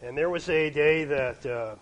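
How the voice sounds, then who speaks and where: A middle-aged man from Canada preaching a sermon, his voice sometimes dropping to a hush. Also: a little high, measured pace, highs cut off. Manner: varies loudness, dropping to a hush at quiet points.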